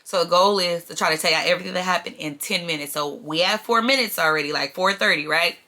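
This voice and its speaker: A woman's voice: fairly low pitch, fast talker, bright, forceful tone. A woman chatting casually to camera from a small bedroom in her mother's house, drifting from personal sidebars into preaching. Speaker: vlogger.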